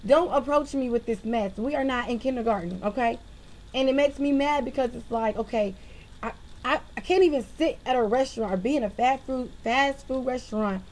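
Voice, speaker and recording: Young-sounding woman with a raised pitch, venting at home into a webcam. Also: fairly quick, rough recording. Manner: animated, exasperated ranting. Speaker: vlogger. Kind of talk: casual venting monologue.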